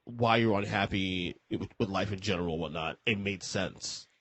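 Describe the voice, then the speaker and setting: A man's voice: deep voice, normal speed, fairly bright tone, no room sound. A man hosting a podcast, asking short questions and giving brief agreements as his guest talks. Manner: brief affirming backchannels. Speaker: podcast host. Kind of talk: casual chat.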